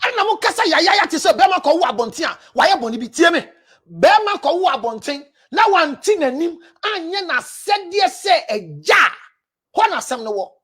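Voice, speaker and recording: High, lively Ghanaian woman counselor. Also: brisk. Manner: blunt, scolding, bursts into shouting. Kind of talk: scolding advice talk.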